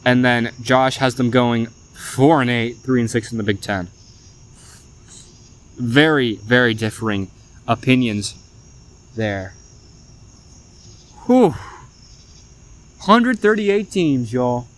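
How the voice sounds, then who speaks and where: A young man with a drawl talks through a solo sports podcast in a chatty, animated way at a middle pitch. He tosses in "y'all" as he runs down his picks. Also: slow pace, long pauses. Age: young adult. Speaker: podcast host. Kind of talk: casual sports podcast monologue.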